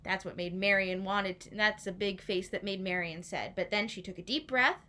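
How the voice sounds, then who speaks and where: A woman telling a story to young children, playful and animated, inviting listeners to join in. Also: mid-range voice, moderate pace.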